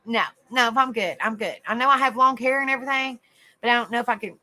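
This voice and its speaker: A woman hosting a livestream, chatting to viewers and telling a rambling, animated story. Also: fairly high pitch, fast, low-quality recording. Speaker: livestream host. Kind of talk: casual live-chat storytelling.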